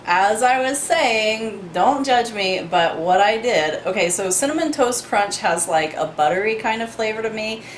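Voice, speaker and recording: Woman, home cooking vlogger, casual and chatty, mid-pitched, roomy kitchen echo. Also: lively intonation, unhurried, few pauses, a little hiss or hum. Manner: bubbly, chatty, playful asides. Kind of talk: casual kitchen demo chat.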